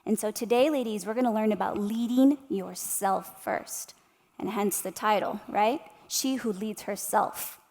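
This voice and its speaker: A woman's voice: mid-range voice, unhurried, a little mellow. A woman in her thirties giving a motivational keynote speech, telling stories with animation and speaking directly to the audience with tag questions. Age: 30s. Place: large hall at an arts center. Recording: long hall reverb.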